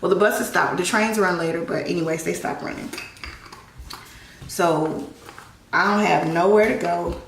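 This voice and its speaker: A woman's voice: lowish voice, a little slow, creaky, pauses often. A woman vlogger at home telling a personal story in a conversational way while getting ready, acting out the dialogue as she goes. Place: at home, in a room. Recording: echoey room, distant mic, background noise.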